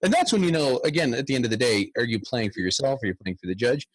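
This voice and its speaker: A man's voice: mid-range voice, animated, quick pace, no echo. A man in his thirties, a guest bagpiper, chatting animatedly in a podcast interview and humming tunes aloud.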